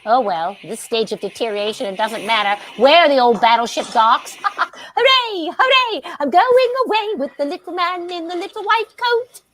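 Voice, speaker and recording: A woman's voice: on the high side, normal speed, few pauses, fairly bright tone, a little hiss or hum, close to an everyday voice. A woman giving a staged play reading as a scatterbrained, grandly theatrical aging stage actress who giggles often.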